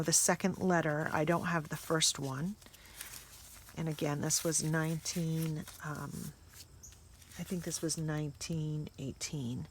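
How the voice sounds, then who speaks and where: Woman vlog host, lowish voice, casual and chatty, reads letters aloud, faint room ambience. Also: slight background noise. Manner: chatty, stops to puzzle over words. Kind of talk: casual chat, reading old letters aloud.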